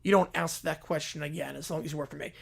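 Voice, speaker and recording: A man voicing a bossy, scheming female sports commissioner who gives commands in a low, flat voice. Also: fast, creaky, breathy edge, exaggerated voice.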